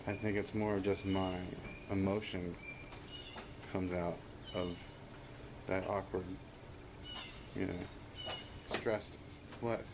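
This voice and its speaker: Brief: easygoing man, low-pitched, casual chat, noisy outdoor background with crickets. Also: little pitch movement, slow, long pauses. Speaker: podcast co-host, musician.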